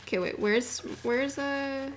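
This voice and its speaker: Gushing young woman streamer, higher voice. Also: slow pace. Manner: excitable and gushing, swinging from murmurs to squeals. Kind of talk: casual live-stream chat while gaming.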